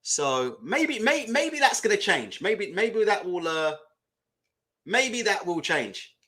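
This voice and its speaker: A man's voice: high-pitched, very animated, slow pace, bright, forceful tone, husky. A young man hosting a casual boxing live stream, blunt and swearing, often laughing as he rants. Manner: blunt, swearing, laughs a lot while ranting. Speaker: boxing channel host.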